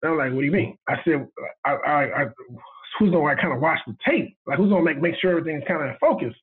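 An animated man tells a story, slipping into the voices of the people he quotes and laughing as he goes. His voice sits high and husky. It comes through a tinny, phone-like line. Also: fast. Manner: animated, acts out quoted dialogue, laughs often. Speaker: guest cinematographer. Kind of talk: storytelling in casual chat.

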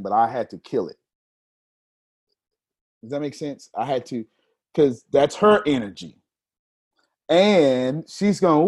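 A man, a professional speaker explaining his techniques to a group, talking deliberately with intentional pauses. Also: medium pitch, a little mellow.

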